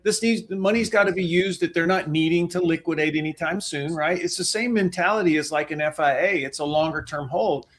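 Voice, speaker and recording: A man's voice: on the high side, fairly quick, few pauses. Emphatic folksy man presenting a webinar. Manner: emphatic, folksy, talks with his hands on a soapbox. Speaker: financial planner co-hosting a webinar.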